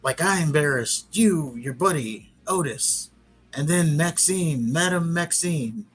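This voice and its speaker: A gloating, showy male wrestler who speaks in a deliberately exaggerated foreign accent, put on by a man on a podcast. The delivery is slow, drawn out and pitched above normal talk. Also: expressive, a bit bright, slightly rough, full character voice.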